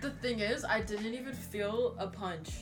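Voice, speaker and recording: Young woman co-host, medium pitch, giggly and relaxed, music under. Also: unhurried. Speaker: podcast co-host. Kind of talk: casual chat among friends.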